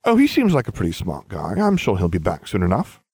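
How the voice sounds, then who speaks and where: A man's voice: deep voice, wildly swooping pitch, brisk, vocal fry, darkish tone, husky, no echo, heavily acted. A man voicing a smug, scheming boy wizard who talks in a grandiose, condescending way.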